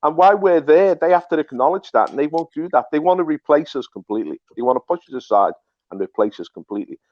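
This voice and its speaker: A man's voice: fairly high pitch, lively intonation, quick pace, dry recording. Emphatic man giving political commentary. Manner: emphatic, repetitive, restarts often. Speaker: host. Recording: dull dry lo-fi recording.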